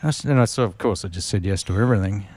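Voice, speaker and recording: A man's voice: lowish voice, racing, a little mellow, dry recording. Man telling racing stories. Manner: rambling anecdotes with many fillers and restarts. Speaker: podcast guest, former racing driver. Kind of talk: casual storytelling interview.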